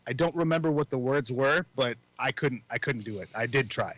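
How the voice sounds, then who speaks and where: A man's voice: mid-range voice, fairly quick, hardly any pauses, fairly bright tone, no echo, low-quality recording. A man co-hosting a podcast in casual chat, rambling with frequent restarts and casual swearing. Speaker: podcast co-host.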